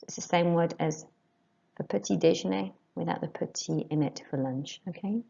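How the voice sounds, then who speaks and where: A woman teaching a language lesson, saying words slowly and clearly for students to repeat. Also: on the low side, mellow, dull audio. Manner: slow, clear modelling of words for repetition. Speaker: French teacher.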